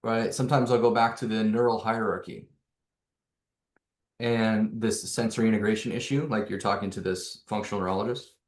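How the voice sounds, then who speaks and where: Man, low voice, energetic neuro coach, talks through rhetorical questions, echoey room. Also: brisk. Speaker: neuro coach presenting to hosts. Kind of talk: animated explanatory talk.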